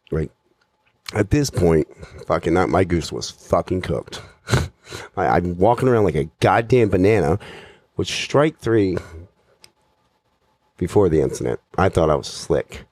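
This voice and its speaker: A man's voice: deep voice, sing-song, a little slow, pauses often, darkish tone, no echo. A man doing profane stand-up storytelling, rambling and self-mocking, swearing constantly. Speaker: stand-up comedian.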